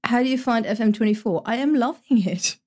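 Fairly high-pitched and fairly quick, with a darkish tone, this young woman's voice carries casual live-stream talk over her gaming. She reasons aloud and swears freely.

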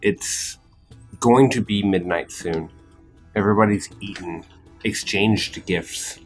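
A man with a low voice narrates a tabletop game at a very slow, unhurried pace. Soft music plays behind him. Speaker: game master.

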